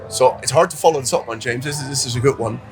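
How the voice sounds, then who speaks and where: A man's voice: mid-range voice, fast, soft background music. A man co-hosting a casual chat, telling a story with many fillers and acting out what people said. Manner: animated storyteller, acts out quotes, many fillers. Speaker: dating coach, co-host.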